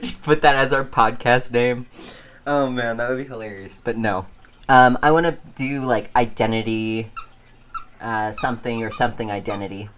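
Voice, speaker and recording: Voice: mid-range voice, steady tone, normal speed, fairly bright tone, slight background noise. A podcast host chatting casually on their own, rambling and laughing often. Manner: frequent fillers and restarts. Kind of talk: casual solo chat.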